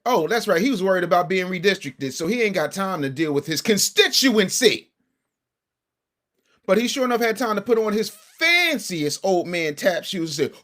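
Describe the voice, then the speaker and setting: A man's voice: high voice, big pitch swings, normal speed, fairly bright tone. A man hosting a casual livestream commentary show, brash and combative, talking straight to his chat.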